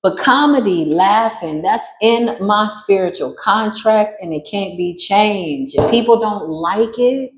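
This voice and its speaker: A woman giving a spiritual reading in a casual monologue, brash and sassy, swearing freely and jumping into sudden high squeals. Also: animated, measured pace, few pauses, roomy sound, poor audio. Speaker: spiritual reader.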